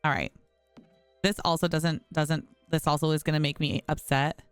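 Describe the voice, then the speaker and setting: A woman's voice: low voice, flat delivery, normal speed, smooth, no room sound, faint music behind. A woman streamer chatting casually through a home-building game, often exasperated and talking to her viewers. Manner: chatty, frustrated, talks to viewers as y'all. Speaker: gaming streamer. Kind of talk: casual gameplay commentary.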